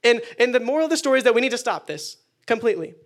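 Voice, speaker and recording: Young male youth pastor, higher-pitched, animated and chatty in the pulpit. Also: very fast. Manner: animated, acts out quoted prayers. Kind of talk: casual youth sermon.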